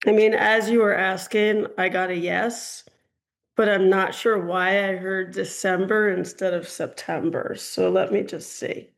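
Psychic lady doing call-in readings, kinda gravelly voice, lots of ums and hedging. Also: medium pitch, flat delivery, unhurried. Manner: chatty, hedging, frequent ums and "I'm getting". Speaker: psychic reader hosting a call-in show.

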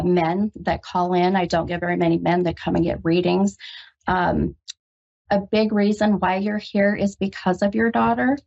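Woman, psychic radio host, lightly gravelly, hesitant and comforting, muffled lo-fi sound. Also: on the low side. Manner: halting, full of ums, gentle and reassuring. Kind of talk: call-in psychic reading. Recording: dull lo-fi radio recording.

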